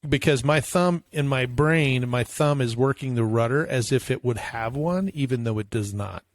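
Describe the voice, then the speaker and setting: A man's voice: mid-range voice, normal speed, dry recording. A man co-hosting a podcast, thinking aloud in casual chat with many fillers. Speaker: podcast co-host.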